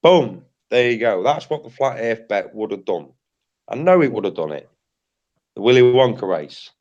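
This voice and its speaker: A man's voice: mid-range voice, lively intonation, normal speed, darkish tone, highs cut off. A British man hosting a livestream in casual chat, blunt and repetitive, swearing freely. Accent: British English. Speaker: livestream host.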